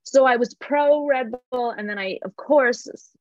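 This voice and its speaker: A woman's voice: sits high, unhurried, dry recording. A woman co-hosting a podcast over a video call, talking playfully with strong opinions. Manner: playful, opinionated, laughs easily. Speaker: podcast co-host. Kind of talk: casual podcast chat. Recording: dull, dry video-call audio.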